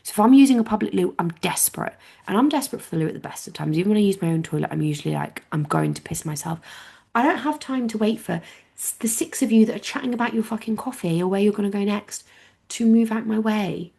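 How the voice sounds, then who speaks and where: A woman's voice: mid-range voice, animated, quick pace, vocal fry, mellow, husky. A young woman hosting a podcast, ranting in an exasperated way and swearing often. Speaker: podcast host. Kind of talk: solo podcast rant.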